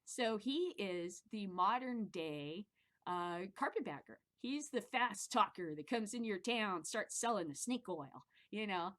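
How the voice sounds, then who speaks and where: Middle-aged woman host from the Midwest, loose and rambling monologue, cusses freely, animated delivery. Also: mid-range voice, unhurried. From American Midwest. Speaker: podcast host. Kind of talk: casual monologue commentary.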